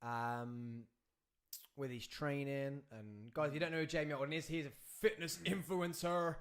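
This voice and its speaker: A young man hosting a podcast, chatting casually and telling anecdotes in quick bursts with trailing asides. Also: on the high side, fairly even intonation. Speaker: podcast host. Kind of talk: casual chat.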